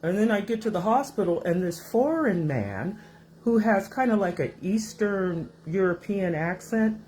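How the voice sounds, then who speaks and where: A woman host telling a rambling personal story to her viewers in a casual, animated way, recorded in her home kitchen. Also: mid-range voice, measured pace, slight background noise. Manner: animated, rambling, acts out voices in her stories.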